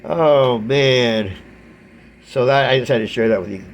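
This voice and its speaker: A middle-aged man vlogging, retelling a story in a rambling, animated way and acting out the other people's lines. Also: mid-range voice, a little slow, slight background noise. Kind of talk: casual storytelling to camera.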